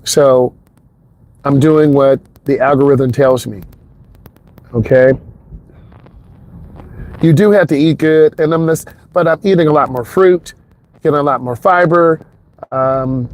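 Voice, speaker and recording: Guy chatting to the camera while he drives, kinda high voice, clip mic in the car. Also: measured pace, pauses often, darkish tone. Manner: chatty, rambling, talks straight to the viewer. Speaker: driving instructor. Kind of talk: casual vlog while driving. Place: inside a car on an expressway. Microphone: wireless clip-on mic into a phone.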